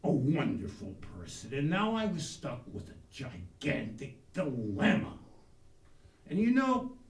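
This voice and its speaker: Man, comic storytelling host, folksy, shouty bursts, high voice, gravelly, echoey, distant mic.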